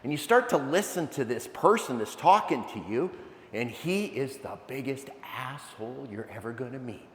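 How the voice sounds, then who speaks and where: A man giving an animated, energetic motivational talk, telling stories with asides to a live audience. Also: mid-range voice, moderate pace, a little hiss or hum. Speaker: keynote speaker. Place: large event hall. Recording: echoey hall, long reverb.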